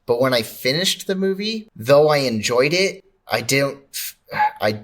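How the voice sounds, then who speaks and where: A man's voice: a little high, animated, moderate pace. Thoughtful man in a film review chat. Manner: thoughtful, hesitant restarts, questioning. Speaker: movie review podcast co-host. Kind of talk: casual movie review chat.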